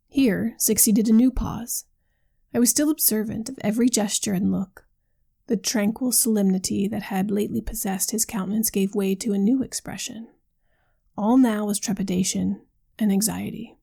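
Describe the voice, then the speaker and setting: A woman reading a classic novel aloud for a podcast, with a measured, formal delivery. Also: mid-range voice, fairly even intonation, creaky, warm tone, slightly rough. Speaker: podcast reader.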